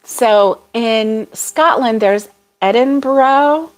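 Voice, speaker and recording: Chatty, slow-talking woman host. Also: a little high. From United States. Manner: chatty, apologetic, laughs often. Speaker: livestream host reading viewer comments. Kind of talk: casual chat.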